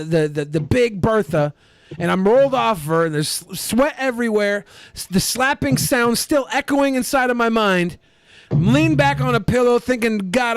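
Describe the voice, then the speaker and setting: Animated, high-pitched male podcast host. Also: dry recording. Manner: animated, ranting, vulgar. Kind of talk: crude comedic podcast banter.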